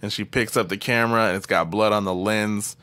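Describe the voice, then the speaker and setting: A young man tells a horror film's plot to his friends in a loose, profane way and laughs along. His voice is low-pitched but bright and forward. The sound is dry and close. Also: a little fast, clear, resonant tone, no room sound. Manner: profane, animated retelling with laughs. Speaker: podcast co-host recapping a film. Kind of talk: casual chat.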